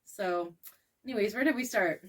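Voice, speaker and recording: A young woman co-hosting a podcast, telling a story in casual chat, animated, laughing often and swearing freely. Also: medium pitch, moderate pace, a little hiss or hum. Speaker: podcast co-host.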